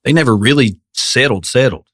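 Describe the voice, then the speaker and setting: A man's voice: mid-range voice, fairly quick, breathy edge, no echo, studio quality. A man appearing as a guest on a podcast, talking earnestly and posing rhetorical questions in casual conversation.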